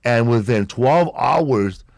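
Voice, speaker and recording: A man's voice: expressive, slow pace, gravelly, darkish tone, no room sound, clean studio sound. A man, hosting a podcast and telling stories in a laid-back, slangy way. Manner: laid-back storytelling, slangy, low-key delivery. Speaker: podcast host. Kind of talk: casual podcast chat.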